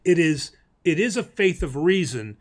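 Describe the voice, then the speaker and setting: A man, a priest, hosting a live-stream Q&A, talking in an animated, preachy way with self-mocking humor. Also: fairly high pitch, moderate pace. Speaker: priest host answering viewer questions.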